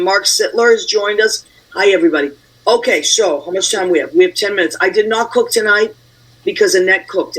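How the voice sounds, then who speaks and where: Male host, excitable and chatty, high husky voice. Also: poor audio. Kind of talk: casual chat.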